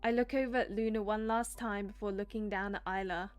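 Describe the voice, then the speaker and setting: A young woman streaming herself, reading a romance visual novel aloud and chatting excitedly between lines. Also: medium pitch, brisk, clear, resonant tone, soft background music. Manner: excitable, laughing asides.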